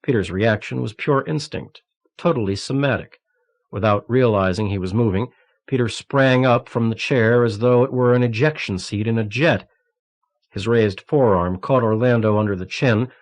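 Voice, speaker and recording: A man reading a thriller novel aloud in a steady, measured narration. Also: medium pitch. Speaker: audiobook narrator. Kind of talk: scripted narration. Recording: cassette audiobook transfer.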